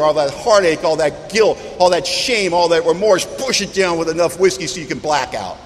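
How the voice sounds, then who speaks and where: A man sharing his recovery story with a meeting audience, candid and self-mocking, building dramatic lists with pauses. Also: on the high side. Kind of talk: personal recovery testimony to an audience. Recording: echoey hall with faint background noise.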